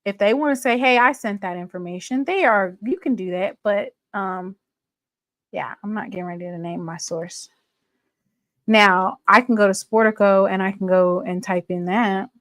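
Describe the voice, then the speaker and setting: A woman's voice: medium pitch, moderate pace, dry recording. A woman hosting a live sports talk stream, chatting straight to her viewers in a sassy, gossipy way. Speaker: livestream sports show host.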